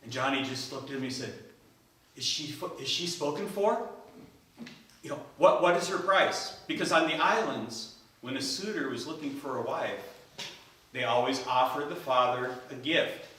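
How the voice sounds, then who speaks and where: Male storyteller, animated, live event, bright tone, reverberant hall. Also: mid-range voice, moderate pace, a little hiss or hum. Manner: animated, acts out the characters' lines. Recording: echoey hall, voice from a distance.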